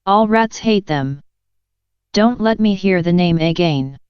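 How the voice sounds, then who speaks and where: In a storybook reading, a prickly little male mouse voiced by a woman snaps back in offence, slow and measured on a lowish, very clear voice. The sound is dull and lo-fi. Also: animated, dry recording. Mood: indignant. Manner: indignant, offended. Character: touchy small male mouse, shrill and harsh. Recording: dull lo-fi dry recording.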